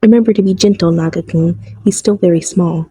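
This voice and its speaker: A woman voicing a young noble mother who is gentle and teasing in a storybook. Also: fairly low pitch, brisk, breathy edge, no echo. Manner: warm teasing, mock-dramatic.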